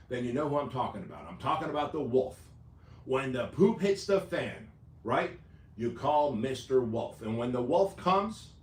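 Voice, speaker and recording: A man's voice: medium pitch, recorded from a distance. A man giving an emphatic, punchy motivational talk, driving his points home with repeated lists. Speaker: motivational speaker. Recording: roomy echo, faint noise.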